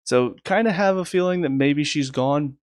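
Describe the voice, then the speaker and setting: A man casually reviewing a TV episode, exasperated and sarcastic, restarting his sentences often and recapping scenes in quick lists. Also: on the high side, no echo, studio quality. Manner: rapid recaps in a flat list. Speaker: TV review host.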